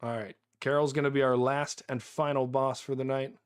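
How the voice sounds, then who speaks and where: An American man streaming a game live, excitable and chatty, repeating himself and laughing often. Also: mid-range voice, a little fast, smooth.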